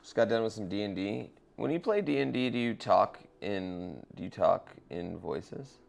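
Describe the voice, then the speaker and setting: A man's voice: fairly low pitch, expressive, normal speed, vocal fry. A man chatting loosely to his viewers while playing a racing game, swearing and rambling in asides. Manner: loose, swearing, talks to chat. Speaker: streamer. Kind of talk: casual live-stream chat while racing.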